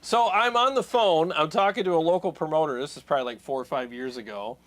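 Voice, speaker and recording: A man's voice: a little high, quick pace. A man hosting a live stream, chatting casually and telling stories with laughter and acted-out voices. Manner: laughing, animated storyteller acting out voices; stumbles and restarts often. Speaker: host of a guitar tone channel live stream. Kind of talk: casual chat, storytelling.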